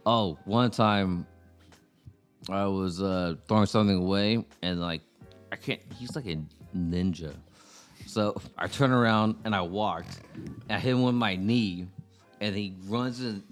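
A young adult man in a casual podcast chat, an animated storyteller who slips into squeaky toddler imitations. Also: unhurried, faint music behind. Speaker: podcast co-host.

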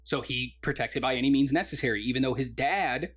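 Excitable man retelling movie scenes. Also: mid-range voice, fast, breathy edge. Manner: enthusiastic, laughs often, acts out movie lines. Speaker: podcast co-host. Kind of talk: casual movie review chat.

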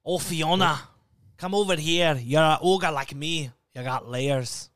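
A man voicing a male ogre with a thick, gruff, throaty put-on brogue. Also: a little high, unhurried, fairly bright tone, dry recording, studio quality. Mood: playful.

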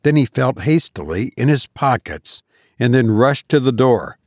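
A man narrating a classic story as an audiobook, in a measured, expressive way. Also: mid-range voice, no room sound, clean studio sound.

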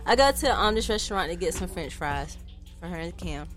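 A woman telling a lively story in casual podcast chat, acting out what people said and swearing freely. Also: lowish voice, soft background music. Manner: fast, lively, acts out quoted voices, swears freely.

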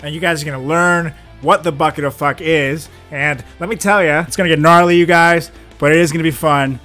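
A man co-hosting a comedy podcast, joking sarcastically and swinging from muttered asides to loud bursts. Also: on the high side, steady tone, brisk, soft background music. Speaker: podcast co-host.

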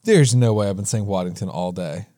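A man's voice: fairly low pitch, lively intonation, dark tone, no echo, studio quality. A man co-hosting a podcast in casual chat, jokey and fond of silly voices. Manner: jokey, drawn-out delivery, plays with silly voices. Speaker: podcast co-host.

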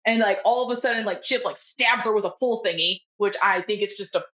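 A woman guest co-hosts a casual podcast chat, swearing freely and acting out film lines in put-on voices. She talks fairly quickly in a mid-range, fairly bright voice, and the audio sounds dull.

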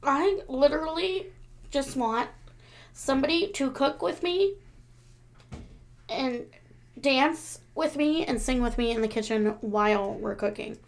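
A woman's voice: high voice, unhurried, long pauses. A woman in her thirties co-hosting a casual chat, telling frank stories with lots of laughter. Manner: frank, laughing, animated storytelling. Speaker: podcast co-host.

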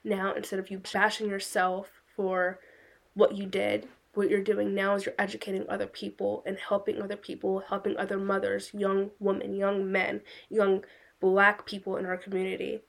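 A woman's voice: mid-range voice, completely flat delivery, moderate pace, creaky. A young woman speaking with her mother in a reassuring, supportive way. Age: young adult. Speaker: daughter of the host.

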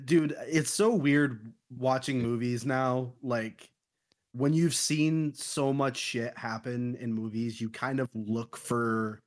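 A man's voice: mid-range voice, slow. Give me a casual man recapping a horror film, swearing freely. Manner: animated retelling with crude slang. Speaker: podcast host. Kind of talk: casual movie review chat.

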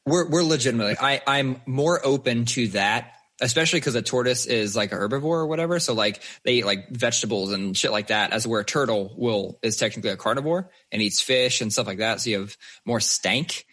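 A man, a father and podcast co-host, chatting casually and telling animated stories with plenty of swearing. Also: medium pitch, fairly quick, few pauses. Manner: swears freely, animated storyteller. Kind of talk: casual chat.

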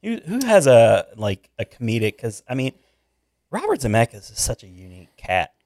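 A man co-hosting a casual movie chat, jokey and animated, often cutting in. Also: medium pitch, normal speed, no room sound, clean studio sound. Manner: animated, jokey, interrupts with bits. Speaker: podcast co-host.

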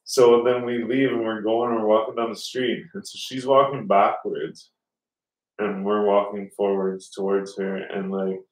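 A man's voice: fairly low pitch, flat delivery, unhurried. A man telling a rambling story in casual chat, swearing a lot and acting out other people's lines. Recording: roomy sound from a distance.

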